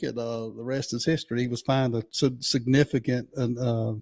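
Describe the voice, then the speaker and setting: A man's voice: medium pitch, fairly even intonation, normal speed, gravelly, darkish tone, dry recording. A man in casual talk-show chat, telling a long anecdote in a rambling way with lots of fillers.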